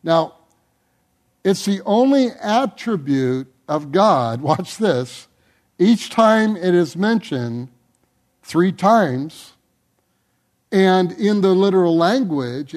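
A man delivers a sermon to his congregation in a fairly high voice, speaking slowly and deliberately. He builds intensity over repeated words, then lets his phrases fall away low and quiet. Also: lively intonation. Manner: drops to a low, soft voice at phrase ends. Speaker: pastor.

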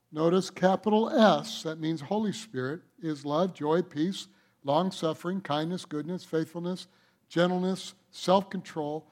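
A man's voice: high voice, a little mellow. A male pastor preaching a sermon, emphatic, with rhetorical questions to the congregation.

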